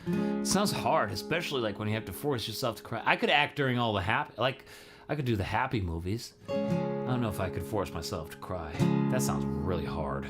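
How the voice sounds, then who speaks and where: A man's voice: on the low side, big pitch swings, moderate pace, loud music behind the voice. A man who is a singer hosting a live stream, chatting casually with viewers in a laid-back, chatty way and laughing often.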